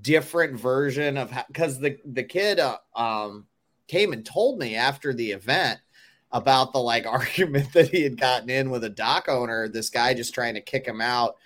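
A man in casual chat, telling a story haltingly with many fillers. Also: medium pitch, fairly bright tone.

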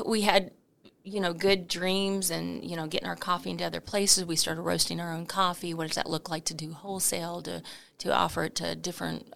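Middle-aged woman, interview guest; bright, slightly gravelly, lower-pitched, lively chatty storytelling. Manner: animated, laughing storyteller with many fillers. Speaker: coffee company founder, interview guest.

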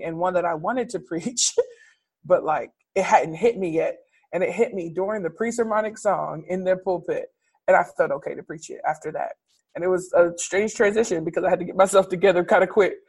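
A woman preacher and teacher reflecting candidly in conversation, animated and expressive, laughing often. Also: on the low side, vocal fry, breathy edge.

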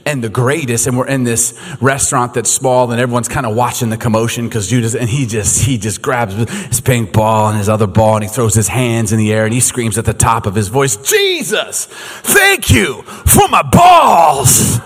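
A man in his thirties, a youth pastor preaching a sermon as an animated storyteller who laughs often. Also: mid-range voice, fairly quick, few pauses. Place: church hall. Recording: echoey hall.

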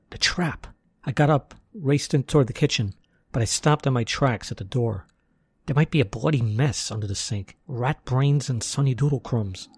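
A man's voice: mid-range voice, creaky, a little mellow, husky, no echo. A man narrating a first-person story in a wry, tough-guy manner.

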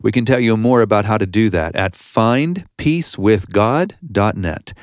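Lively-voiced male podcast host. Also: lowish voice, a little slow, no room sound, clean studio sound. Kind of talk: scripted podcast narration.

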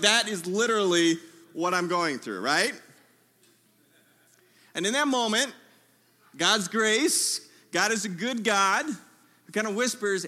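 Pastor guy preaching in a tent, high voice, super bright and sharp, funny storytelling, keeps calling out to the crowd. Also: takes it slowly, long pauses. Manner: lively, humorous storytelling with audience call-outs. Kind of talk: sermon.

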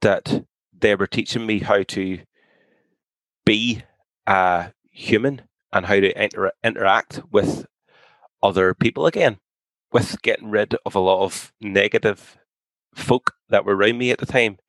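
A man's voice: fairly low pitch, steady tone, measured pace, a bit bright, no room sound, rough recording. A young man speaking candidly as a podcast guest, blunt and outspoken, swearing freely. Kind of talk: candid conversation.

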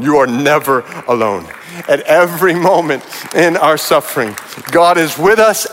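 A man's voice: a little high, expressive, moderate pace, fairly bright tone, long reverb tail. A man preaching a sermon as pastor, reading scripture aloud and building to urgent appeals. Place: large church auditorium.

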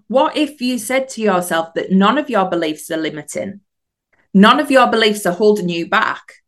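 A woman, a mindset coach, hosting a solo motivational podcast and asking earnest, encouraging questions. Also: mid-range voice.

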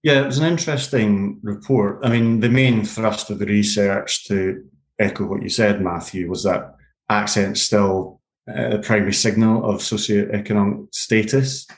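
A man with an Edinburgh Scottish accent, a lawyer and podcast guest, answering in a halting way and repeating words as he thinks aloud. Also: lowish voice, fairly even intonation, reverberant, low-quality recording. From Scotland. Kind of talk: conversational interview answers.

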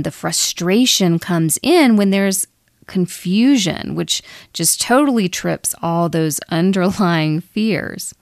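A woman hosts a spiritual podcast in a slightly low voice, recorded close and dry with no room sound. She talks casually, laughs often and stretches her phrases out slowly for emphasis. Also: no room sound. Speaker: podcast co-host, psychic medium.

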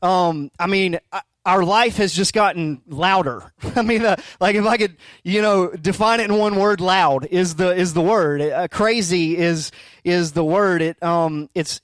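A man in his thirties preaching a casual sermon as pastor, talking in halting restarts with joking asides. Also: high voice, clean tone, no echo. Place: darkened church auditorium.

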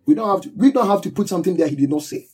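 A man's voice: high voice, animated, very fast, darkish tone, poor audio. A man preaching a sermon, teaching with emphatic repetition and call-and-response with his listeners.

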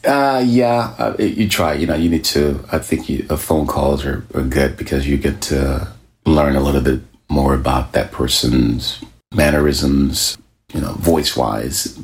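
A man with a very deep voice, relaxed and laid-back in casual chat as a guest. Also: unhurried.

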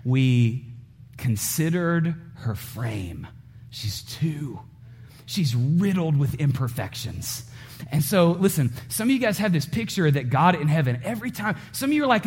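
A man in his thirties, a pastor preaching a sermon, animated and speaking directly to his congregation, acting out voices as he tells a story. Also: a little high, husky.

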